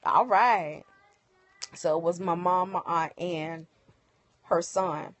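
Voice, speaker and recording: A woman telling viewers a personal story in casual, animated speech, acting out the other people's lines. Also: on the low side, slow pace, no room sound, lo-fi sound. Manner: emotional, animated retelling with quoted dialogue. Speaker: livestream host. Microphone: phone.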